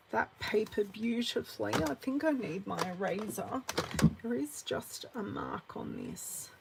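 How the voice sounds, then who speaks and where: A woman in her forties with an Australian accent, chatting through a live card-making class, answering viewers by name and muttering softly to herself as she works. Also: fairly high pitch, vocal fry, slight background noise, rough recording. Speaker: craft demonstrator.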